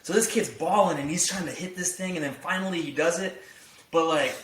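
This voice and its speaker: A man's voice: on the high side, a little fast, fairly bright tone. A man co-hosting a podcast, chatting casually in a rambling way, full of "like" and swearing. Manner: rambling, heavy use of "like", profane. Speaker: podcast co-host. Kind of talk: casual chat. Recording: echoey room, distant from mic.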